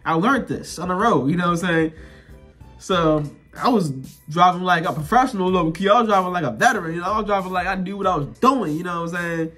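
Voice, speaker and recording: A young man with a slightly high voice chats straight to his viewers, relaxed and slangy, circling back over the same points as he tells his story. Faint music plays underneath. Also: fast. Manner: relaxed slangy talk, repeats himself, addresses viewers directly. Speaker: vlogger. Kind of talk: casual storytelling to camera.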